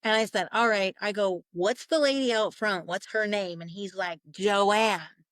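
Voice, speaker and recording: A woman's voice: mid-range voice, unhurried, fairly bright tone, clean tone, dry recording. Female interview guest, chatty storyteller who acts out quotes, dry mic. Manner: acts out quoted voices, laughs often. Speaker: psychic medium guest.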